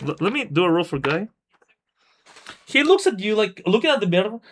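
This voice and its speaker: A man's voice: high voice, big pitch swings, a little fast, fairly bright tone, slight background noise. A man narrating a tabletop role-playing game on a live stream as game master, in a loose, rambling way. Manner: rambling, loose, laughs at own jokes.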